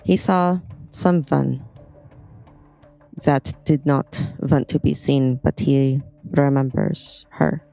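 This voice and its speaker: A player in a tabletop role-playing game, deliberately stating actions. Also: medium pitch, gravelly, dark tone, soft background music.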